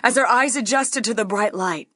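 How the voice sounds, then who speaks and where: A woman reading a ghost story aloud, playful and dipping into hushed whispers. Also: a little high, normal speed, no room sound, clean studio sound. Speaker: guest storyteller.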